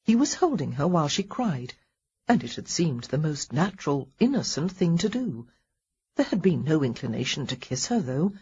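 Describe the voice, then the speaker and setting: Slow, breathy woman narrating a romance. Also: deep voice, dark tone, highs cut off. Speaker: audiobook narrator. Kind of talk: scripted narration.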